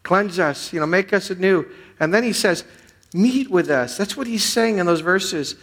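A man's voice: high voice, moderate pace. Earnest man preaching a sermon. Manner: earnest, swings between loud pleading and hushed prayer. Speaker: pastor.

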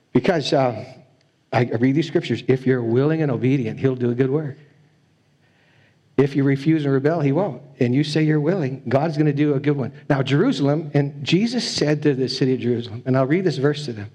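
A man's voice: mid-range voice, brisk, a little mellow. A man preaching a sermon as a pastor, earnest and pleading, often repeating his phrases. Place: church.

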